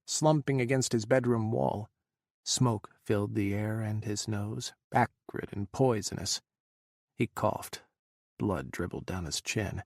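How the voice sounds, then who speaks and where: Man reading a novel aloud, creaky low voice, dry close sound. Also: dry recording. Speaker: audiobook narrator. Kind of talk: scripted narration.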